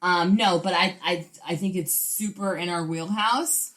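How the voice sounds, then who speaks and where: A young adult woman co-hosting a podcast, telling stories in animated, profane casual chat. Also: lowish voice, a little slow. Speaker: podcast co-host.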